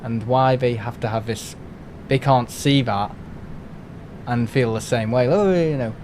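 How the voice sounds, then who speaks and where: A man's voice: mid-range voice, a little slow, darkish tone, slight background noise. A man from England chatting casually and rambling on a live game stream from home, with lots of restarts and fillers.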